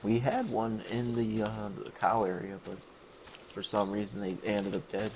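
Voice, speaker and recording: A man chatting casually while playing a game, laid-back and quick to laugh at his own jokes. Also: lowish voice, level tone, a little mellow, slight background noise, low-quality recording. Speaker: gamer.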